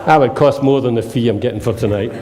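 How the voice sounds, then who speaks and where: A man's voice: mid-range voice, fast, a crowd in the background. A man, giving a humorous seminar talk to a live audience as the presenter. He tells jokey stories and acts out the dialogue in them.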